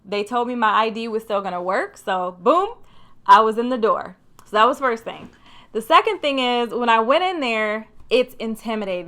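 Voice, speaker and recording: A young woman talks to camera in a relaxed vlog voice, chatty and animated. Her tone is bright and crisp, set a little high. She tells her story with loose fillers and a quick, friendly rhythm. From Michigan. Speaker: career vlogger.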